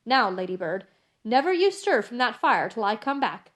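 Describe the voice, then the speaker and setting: A woman reading the part of a brisk, stubborn, fiercely loyal English maid, speaking emphatically in an audiobook. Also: on the high side, very animated, a bit bright. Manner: emphatic, brusque.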